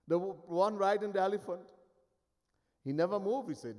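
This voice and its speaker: A man's voice: sits high, moderate pace, long pauses, a little mellow. A man giving a sermon as a spiritual teacher. He tells stories in an emphatic, wry way. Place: ashram hall. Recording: long hall reverb.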